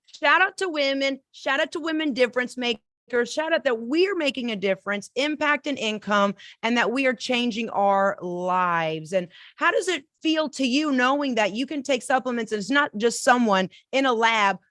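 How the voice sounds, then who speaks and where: Bubbly high-voiced woman host. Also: expressive, a bit bright, no echo. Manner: enthusiastic and effusive, fast bursts. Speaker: podcast host and coach. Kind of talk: casual live-stream chat.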